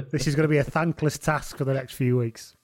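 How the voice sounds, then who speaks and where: A young man co-hosting a casual podcast, loose and jokey with plenty of swearing. His voice sits at a middling pitch and is recorded dry and close. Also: steady tone, normal speed, no room sound. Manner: sweary, jokey, reads listener messages aloud. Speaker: podcast co-host.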